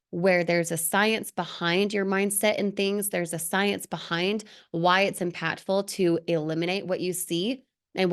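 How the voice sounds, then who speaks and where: A woman hosting a business coaching talk, emphatic and expressive, mocking clichés with playful mimicry. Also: on the low side, clear, resonant tone. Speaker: host.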